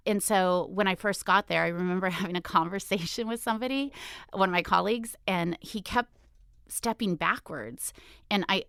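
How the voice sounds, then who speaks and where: Loud, gravelly, animated woman. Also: on the low side, moderate pace, dry recording, clean studio sound. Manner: loud, emotional, animated storytelling. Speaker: state assemblywoman, guest. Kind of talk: candid conversational interview.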